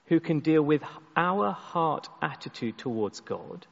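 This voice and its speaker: A man's voice: on the high side, big pitch swings, measured pace, gravelly, lo-fi sound. Man preaching in a reverberant hall. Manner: storytelling with repeated restarts, voice dropping soft for emphasis. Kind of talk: sermon. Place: church.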